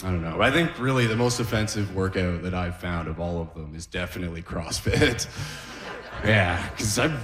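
Male comic, thirties, dry low delivery, echoey club mic. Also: moderate pace, music in the background. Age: 30s. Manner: laid-back deadpan delivery with chuckles. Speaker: stand-up comedian. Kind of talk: stand-up comedy set. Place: club stage at an open mic.

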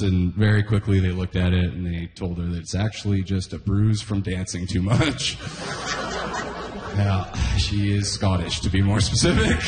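A man's voice: sits low, darkish tone, echoey room, slight background noise. A young man from Canada doing a stand-up routine, laughing at his own jokes as he goes. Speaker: stand-up comedian.

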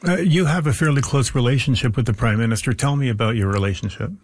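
A man's voice: mid-range voice, quick pace. A man interviewing a politician for broadcast, conversational with small stumbles.

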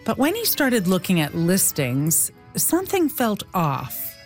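A woman's voice: mid-range voice, huge pitch swings, faint music behind. Woman reporter narrating a news feature. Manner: measured, clear storytelling delivery.

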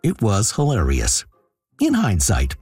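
A man tells a personal story with a dry, wry sense of humor. His pitch swings widely from line to line, and his voice has a husky edge. Faint music plays underneath. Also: wildly swooping pitch, a little slow, darkish tone, dry recording.

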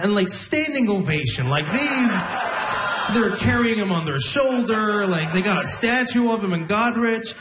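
A young man doing a stand-up comedy set, telling stories deadpan, laughing at his own lines and acting out other people. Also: high-pitched, moderate pace, background noise. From immigrant to Canada. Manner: deadpan storytelling, breaks into laughter, acts out voices. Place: comedy club stage with audience.

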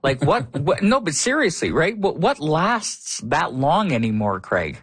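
A chatty call-in radio host who reads listener emails aloud and laughs easily. The voice sits at a middle pitch. The studio sound is dry and close. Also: big pitch swings, unhurried, slightly rough, no echo. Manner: chatty, curious, laughs often.

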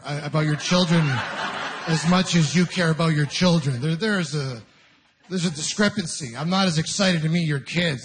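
A man's voice: high voice, slight background noise. A young man from Ontario doing a stand-up comedy set, telling stories animatedly and quoting people in different voices. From Ontario, Canada. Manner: animated storytelling with quoted voices and audience laughter.

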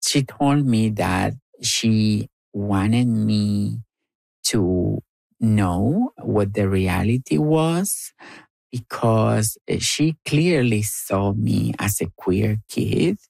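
A woman from Argentina with an Argentine Spanish accent, telling personal stories in an interview in a slow, playful way. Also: rumbling low, lively intonation, vocal fry, darkish tone, no room sound. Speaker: storyteller and writer.

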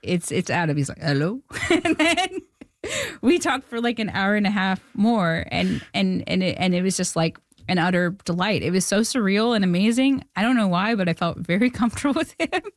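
Excitable woman telling a story. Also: medium pitch, fairly quick, no room sound, studio quality. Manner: excitable storyteller, acts out quotes, laughs often. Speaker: film director, guest. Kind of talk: anecdote in interview.

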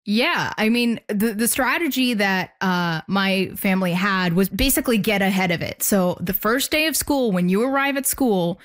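Woman guest, mid-pitched, dry and sarcastic, talks frankly. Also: moderate pace, few pauses. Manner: candid, wry and sarcastic. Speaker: interview guest. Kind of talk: casual interview talk.

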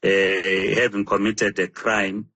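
Slow, low-voiced male guest. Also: flat delivery, bright, forceful tone. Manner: measured, hesitant. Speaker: guest commentator. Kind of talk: interview answer.

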